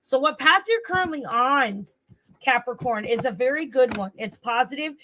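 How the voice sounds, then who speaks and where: A chatty woman with a Southern US accent hosts a casual tarot livestream, talking straight to her viewers and circling back over her words. Her voice sits on the higher side. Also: expressive, moderate pace, heavy background noise. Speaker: tarot reader and channel host.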